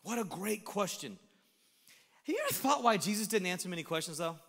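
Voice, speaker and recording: A man preaching a sermon as pastor, animated, swinging between shouted lines and hushed asides. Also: sits high, brisk, gravelly, long reverb tail. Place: church sanctuary.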